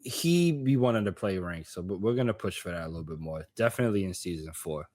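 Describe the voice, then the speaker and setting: A man co-hosting a podcast in relaxed, casual chat with laid-back slang. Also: low voice, fast talker. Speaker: podcast co-host.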